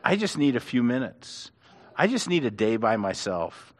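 A man's voice: mid-range voice, normal speed. A middle-aged man, a pastor and author, telling stories about his faith and acting out the voices of the people in them. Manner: animated storyteller who acts out quotes. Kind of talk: storytelling in a faith interview.

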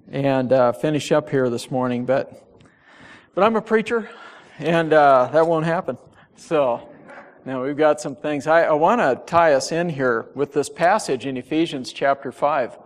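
A man with a fairly high voice preaches to his congregation in a relaxed, conversational tone. He moves between casual remarks and reading scripture aloud. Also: unhurried. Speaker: pastor. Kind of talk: sermon. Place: church.

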